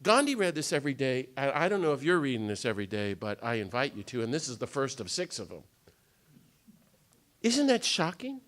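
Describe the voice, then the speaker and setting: Excitable man lecturing with lively swoops. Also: mid-range voice. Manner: fast, excitable, theatrical delivery. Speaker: speaker at a nonviolence day. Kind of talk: animated storytelling lecture. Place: indoor gathering room.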